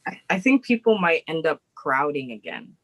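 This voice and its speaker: A woman co-hosting a casual podcast, her voice swinging widely up and down as she makes her points with emphasis. She sits a little low in pitch and talks like she's ranting to friends. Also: moderate pace, poor audio. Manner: animated, emphatic, laughs often. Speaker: podcast co-host. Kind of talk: casual chat.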